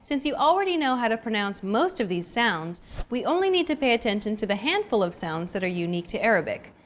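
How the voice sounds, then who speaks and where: A woman hosting a scripted language lesson, explaining clearly and evenly. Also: a little high, sing-song, fairly quick. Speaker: lesson host.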